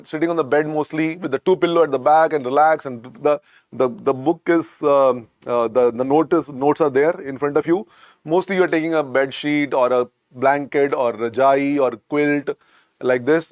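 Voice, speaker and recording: An Indian man lectures medical students on exam revision, coaxing them again and again as he teaches. His voice sits a little high for a man. The sound is dry and close, with no room echo. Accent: Indian English. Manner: repetitive, coaxing, keeps calling students "beta".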